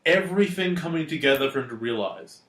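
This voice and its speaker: A podcast co-host chatting casually, giving sharp, opinionated commentary on a cartoon. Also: mid-range voice, expressive, fast talker, reverberant. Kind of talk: casual chat.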